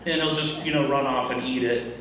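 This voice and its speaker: A male pastor preaching a sermon in a church, speaking deliberately in short phrases, often repeating and restarting words. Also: medium pitch, steady tone, fairly bright tone. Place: church sanctuary. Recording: echoey church from far off.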